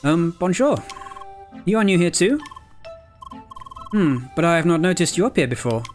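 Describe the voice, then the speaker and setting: A man's voice: on the high side, big pitch swings, normal speed, voice pushed up. A man voicing a competitive young French woman gamer with a put-on French accent, eager and polite. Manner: polite, eager, formal phrasing. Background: game music.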